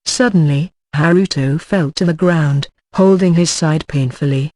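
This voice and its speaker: A narrator reading a comic light novel in a flat, even way, spelling out sound effects letter by letter. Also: medium pitch, unhurried, hardly any pauses, dry recording. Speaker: audiobook narrator.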